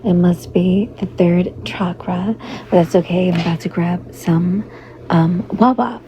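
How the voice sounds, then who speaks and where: A woman livestreaming in a loose, rambling way, greeting her viewers and fighting a hoarse, fading voice. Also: fairly low pitch, level tone, a little slow, dark tone. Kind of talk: casual livestream chat. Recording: dull lo-fi stream audio with faint noise.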